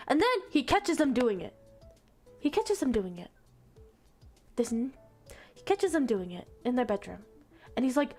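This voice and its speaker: A young woman streamer retelling a story in casual chat, exasperated, animated and swearing freely. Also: high-pitched, unhurried, long pauses, soft background music.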